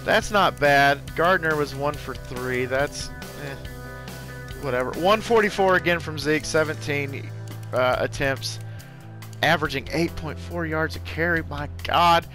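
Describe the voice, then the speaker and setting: A young man giving excitable live commentary while playing a football video game, full of exclamations and mild curses. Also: a little high, a little slow, over music. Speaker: gaming YouTuber.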